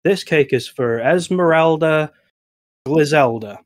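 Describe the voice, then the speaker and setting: A man's voice: fairly high pitch, slow pace, voice pushed up. Flustered stammering baker, put on by a man, storytelling game, a little raised. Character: flustered male village baker.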